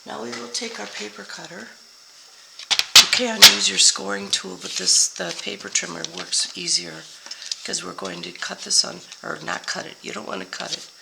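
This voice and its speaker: In this crafting tutorial, an older woman whose voice is scratchy from a week of illness chats about card-making at a moderate pace. Her medium-pitched voice is creaky but steady, and she now and then loses track of product names mid-sentence.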